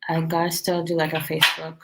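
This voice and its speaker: Speaking quickly in a low-pitched monotone over a very noisy recording, this restaurant owner sounds worn out and yawns as she talks. Her casual chat about running the place wanders, packed with fillers and restarts as she shares business tips.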